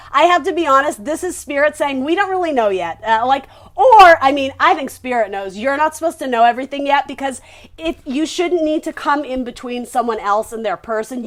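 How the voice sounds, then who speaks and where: A woman with a high, light voice gives a casual tarot reading to her viewers. She talks in a chatty, rambling way and often restarts her sentences. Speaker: tarot reader.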